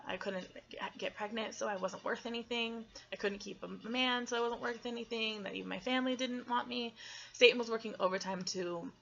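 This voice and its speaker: Young woman, personal testimony, earnest and halting, bright forceful tone, muffled lo-fi recording. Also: fairly low pitch, gravelly. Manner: earnest, halting, with frequent ums and restarts. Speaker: testimony speaker.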